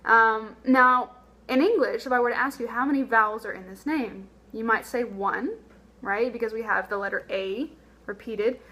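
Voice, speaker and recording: A young woman, a Spanish teacher, giving a recorded lesson. She explains patiently and sounds words out slowly, repeating them for the learner. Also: on the high side, sharp tone.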